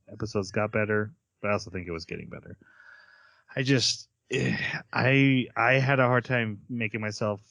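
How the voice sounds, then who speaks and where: A man's voice: on the low side, bright, forceful tone, no echo. A man hosting a casual podcast, rambling and restarting his sentences, laughing often. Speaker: podcast host. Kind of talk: casual chat.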